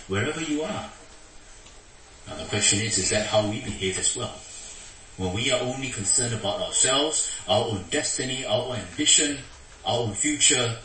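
A man preaching a sermon, acting out the quoted words in a raised voice. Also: a little hiss or hum. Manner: animated, acts out quotes with raised pitch. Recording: echoey hall from far off.

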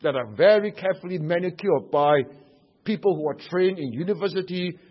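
A man preaches an emphatic sermon in a high, slightly husky voice. He explains scripture line by line and keeps asking rhetorical questions. The recording sounds dull and lo-fi. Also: a little fast.

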